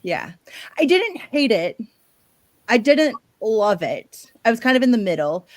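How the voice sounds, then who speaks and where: A woman's voice: on the high side, very animated, measured pace, no echo. A woman hosting a live book chat, talking casually with lots of fillers and trailing-off thoughts. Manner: chatty, filler-heavy, trailing off. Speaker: livestream book-chat host.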